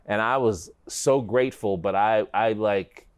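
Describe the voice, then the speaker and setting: Middle-aged man telling a lively story. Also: fairly low pitch, unhurried, clear, resonant tone. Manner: animated storyteller, dramatizes his story. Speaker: guest. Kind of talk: conversational storytelling.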